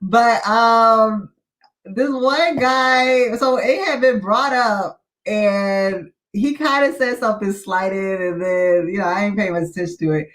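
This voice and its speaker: A woman hosting a casual live-stream chat, chatty and quick to laugh. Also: mid-range voice, a bit bright. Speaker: host.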